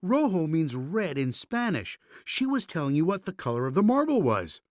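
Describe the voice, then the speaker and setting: A voice actor playing a kindly cartoon parent who calmly explains and reassures a young boy. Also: mid-range voice, moderate pace, no echo, lightly acted. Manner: calm, reassuring, explains things.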